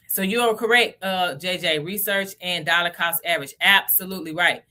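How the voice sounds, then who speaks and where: A woman's voice: fairly low pitch, brisk, hardly any pauses, sharp tone. A Southern woman from Tennessee, around her thirties, hosting a casual crypto livestream, chatty and often checking in with "okay?" and "y'all".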